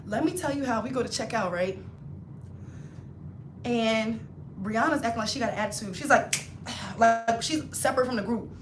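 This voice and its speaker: A woman livestreaming a casual storytime, animated and slangy, acting out her friends' voices as she talks. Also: on the high side, moderate pace, long pauses, roomy sound. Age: adult, not in her twenties. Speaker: hairstylist livestreamer.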